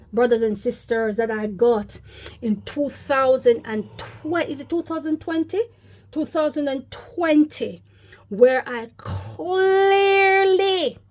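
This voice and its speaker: A woman's voice: on the high side, darkish tone. A woman giving rambling religious commentary to her viewers, often calling them brothers and sisters. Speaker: religious vlogger. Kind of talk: casual spoken religious commentary.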